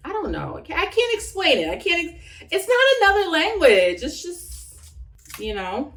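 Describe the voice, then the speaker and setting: Here the voice is high-pitched and a bit bright, with huge swings in pitch and a moderate pace. She's a young woman vlogging from her home kitchen, cooking and chatting playfully while laughing at her own expense, and the recording sounds distant and roomy.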